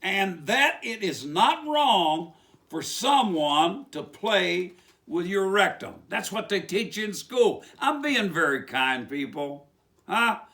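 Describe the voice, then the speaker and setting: A man with a West Virginia accent delivers a loose, rambling sermon, peppering it with rhetorical questions. His voice sits high and bright and swings widely up and down, pushing hard on every point. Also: big pitch swings, takes it slowly. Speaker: preacher. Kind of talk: informal sermon monologue.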